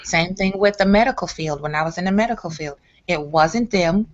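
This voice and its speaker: A woman's voice: lowish voice, a little fast, dull audio. A woman hosting a casual chat who speaks frankly and repeats words for emphasis. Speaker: host.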